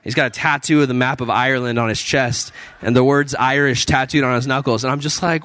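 A chatty pastor in his thirties tells a story from the pulpit in an easygoing, animated way. He laughs often and leaps up high when exclaiming. His voice sits at an everyday male pitch and sounds dry and close. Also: brisk, no echo. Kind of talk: storytelling sermon.

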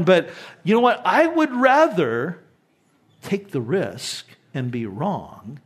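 A man in his sixties, a pastor, preaching a sermon and telling stories with lively swings between excited and hushed delivery. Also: very high-pitched, moderate pace. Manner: animated storytelling, drops to hushed emphasis.

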